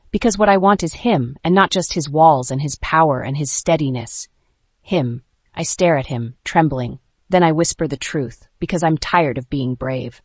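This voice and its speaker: A woman narrating a first-person romance audiobook in a hushed, intimate way, recorded close and dry. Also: low-pitched, no room sound.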